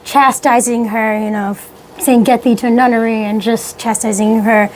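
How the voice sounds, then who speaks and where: A woman musician talks through her ideas on a radio show, stopping and restarting with plenty of "you know"s. Her voice sits a little high, with a faint hiss behind her. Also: steady tone, a little mellow, rough recording. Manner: halting, fills with many "you know"s. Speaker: guest musician. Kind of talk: casual radio interview chat.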